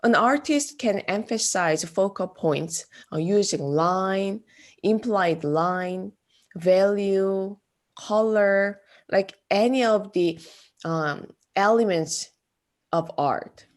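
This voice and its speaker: A woman giving a classroom art lecture, speaking haltingly with many fillers. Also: medium pitch. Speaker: art instructor.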